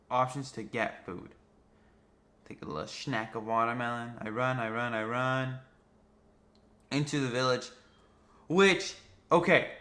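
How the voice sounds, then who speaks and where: A young man casually narrating gameplay footage, rambling and excitable, swearing freely. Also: a little high. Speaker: gaming vlogger.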